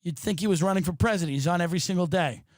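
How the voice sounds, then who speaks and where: A man's voice: high-pitched, racing, no room sound, studio quality. A man hosting a podcast, delivering an exasperated, profane comedic rant from his apartment. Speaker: podcast host. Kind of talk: ranting comedic monologue.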